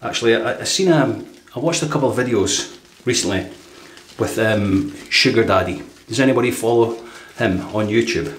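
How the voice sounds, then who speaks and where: A man's voice: mid-range voice, normal speed, fairly bright tone, roomy sound, a little hiss or hum. A man hosting a shaving channel, chatting casually and rambling with many fillers as he reviews his gear. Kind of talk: casual product review vlog.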